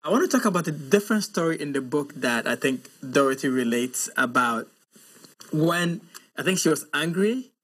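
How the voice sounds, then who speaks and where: A man's voice: a little high, animated, moderate pace, fairly bright tone. A man hosting an interview, asking thoughtful, curious questions. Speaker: interview host.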